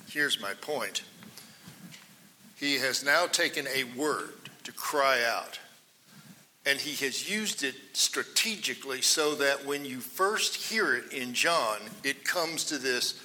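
Guy preaching a bible lesson, slow and deliberate, real bright tone, big hall echo. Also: mid-range voice. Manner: dramatic, swings between loud quoted cries and hushed asides. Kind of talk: sermon, Bible teaching. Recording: long hall reverb.

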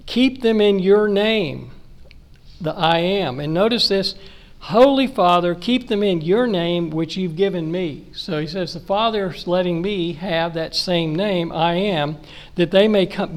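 High-voiced man preaching a sermon. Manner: reads scripture aloud and explains it conversationally. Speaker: pastor.

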